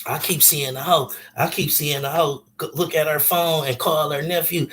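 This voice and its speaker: Man, casual storyteller, bright and forceful, blunt, profane street slang. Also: fairly high pitch, fairly even intonation, normal speed, few pauses.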